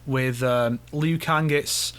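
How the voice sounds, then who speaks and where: A man's voice: medium pitch, fairly even intonation, fairly bright tone, smooth. A man co-hosting a casual gaming podcast who often stumbles and repeats words as he gets going. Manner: halting, repeats words as he starts sentences. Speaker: podcast co-host.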